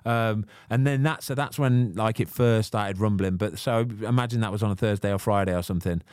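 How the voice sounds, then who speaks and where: A man chats on a podcast, telling stories in a lively, slangy way. His voice sits fairly low. The sound is close and dry, with no room around it. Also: brisk, clean tone, dry recording. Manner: chatty storyteller, lively, slangy. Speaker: guest footballer. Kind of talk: casual podcast chat.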